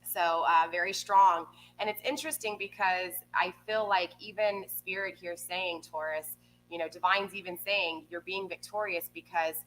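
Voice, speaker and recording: A woman with a lowish, bright voice leads a live tarot reading. She talks in a chatty, reassuring way, tacking "okay?" onto her sentences, while a faint hum runs under the recording. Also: normal speed, low-quality recording. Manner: chatty, frequently adds "okay?" to check in with viewers. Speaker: tarot reader.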